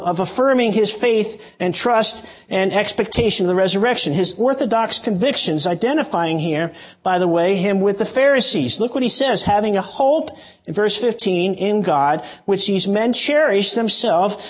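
Male pastor, husky high voice, verse-by-verse sermon delivery with emphatic restarts. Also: animated, moderate pace. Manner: expository preaching with frequent restarts and emphatic asides.

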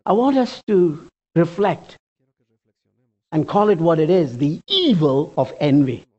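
A pastor delivers a sermon with lots of movement in the voice, rising high and dropping low as the points land. The preacher keeps turning to the congregation with direct questions. The recording sounds dull and lo-fi. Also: very animated, measured pace, a little mellow, slightly rough.

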